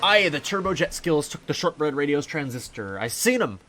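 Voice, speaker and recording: A man voicing a gruff male candy pirate captain in a game, growling with pirate slang. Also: a little high, big pitch swings, moderate pace, over music, pitched above the performer's own voice. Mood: gruff, scheming. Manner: growling pirate talk, arr and me hearty.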